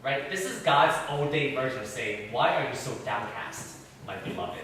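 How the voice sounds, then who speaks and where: A man teaches a church class, firing questions at the group in an animated, up-and-down voice. He sits well back from the mic, and the room rings with heavy echo over a faint hiss. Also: medium pitch, moderate pace. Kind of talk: interactive Bible teaching. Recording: very echoey room, far from mic.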